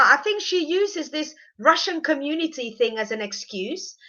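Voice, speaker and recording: Her voice fairly high, pushed, and bright, a woman with a light cold gives a casual, opinionated review of a reality show and readily mocks it. The audio is dull.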